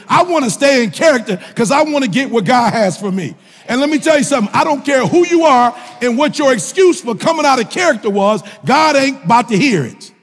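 A male minister preaching a sermon in a colloquial, joking style, with impassioned shouts and repeated phrases. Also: very high voice, expressive, a little fast. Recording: long reverb of a large hall.

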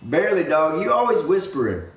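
A man's voice: fairly high pitch, sing-song, a little fast. Young man, casual game-stream chat, rambling and profane, lots of fillers, roomy echo, mic set back. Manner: rambling, swears a lot, many fillers. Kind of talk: casual chat while gaming. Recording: echoey room, mic far off, faint noise.

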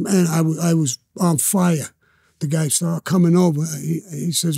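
An older man with a Brooklyn accent tells his stories in a blunt, profane street manner. His voice sits a little high but sounds dark and mellow. The room is dry and close. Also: fairly even intonation, a little fast, creaky, no room sound. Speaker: interview guest. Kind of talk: storytelling interview.

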